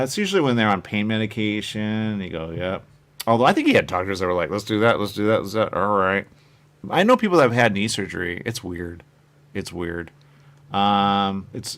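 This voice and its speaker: A man's voice: lowish voice, a bit bright. A man hosting a show, chatting casually and rambling from point to point, often acting out what other people say. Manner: meandering, chatty, acts out quoted voices. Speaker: show host.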